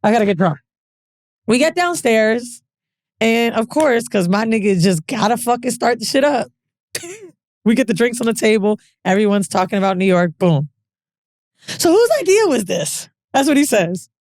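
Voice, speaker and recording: A woman co-hosting a podcast, telling a frank, profane story with animated quoted dialogue. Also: a little high, normal speed, no echo. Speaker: podcast co-host. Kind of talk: casual storytelling chat.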